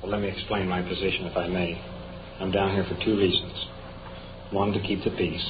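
A man's voice: low voice, level tone, fairly quick. A male police officer questioning a woman in a firm, formal, lecturing manner. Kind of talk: on-duty questioning. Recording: lo-fi noisy field recording.

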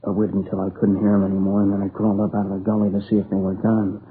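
Guy playing a young man grieving his buddy, kinda low and flat, halting, tinny old radio sound. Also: natural voice. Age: young adult. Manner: halting, subdued, plain-spoken. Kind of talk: radio drama acting. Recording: tinny lo-fi old radio recording with faint hiss.

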